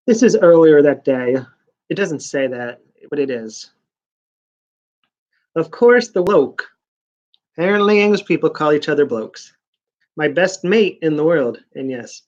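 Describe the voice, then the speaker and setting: Sarcastic man with a higher voice. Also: a little slow, lo-fi sound. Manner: mocking, rambling, deadpan asides. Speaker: comic book reviewer. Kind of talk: casual sarcastic recap.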